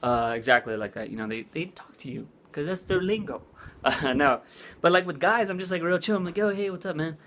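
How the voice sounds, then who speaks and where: A man's voice: a little high, animated, brisk, bright, forceful tone. A man vlogging in a casual chat, rambling with lots of "like" and "uh". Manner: rambling, full of "like" and "uh".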